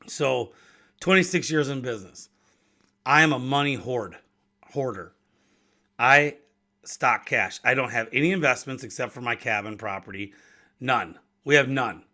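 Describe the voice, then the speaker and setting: Man in his fifties, bright voice, medium pitch, casual solo host, restarts words, chuckles often. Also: unhurried, pauses often. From Wisconsin. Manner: conversational, repeats and restarts words, laughs between thoughts. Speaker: podcast host and business owner.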